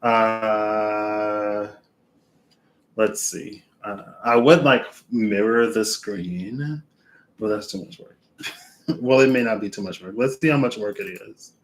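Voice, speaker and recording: A man reading oracle cards aloud in a casual way, with unhurried, musing asides to himself between passages. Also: fairly low pitch. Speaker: oracle card reader.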